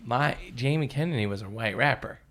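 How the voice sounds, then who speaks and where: A man co-hosting a podcast who chats in a relaxed way and chimes in with short reactions and asides. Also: mid-range voice, a little fast. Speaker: podcast co-host. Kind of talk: casual chat.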